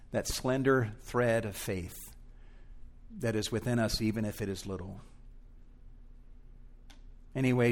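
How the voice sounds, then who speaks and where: A man preaching a sermon in a deliberate, reflective manner. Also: mid-range voice.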